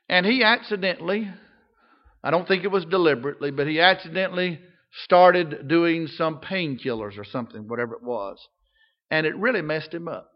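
An older man preaching a folksy sermon as pastor, rising to loud emphatic lines and dropping to quiet soft ones. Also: fairly high pitch, muffled recording.

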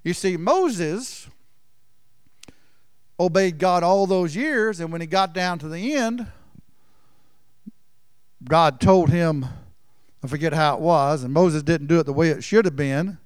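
Folksy preacher, dry sound. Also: male voice, a little high, expressive, takes it slowly, long pauses, clean tone, no echo. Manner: folksy storytelling, swings from loud emphasis to near-whispers. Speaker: pastor. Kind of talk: sermon.

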